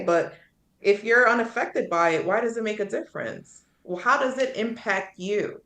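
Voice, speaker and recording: A woman's voice: medium pitch, moderate pace, a bit bright, echoey room. A woman on a podcast panel in casual debate, arguing assertively point by point.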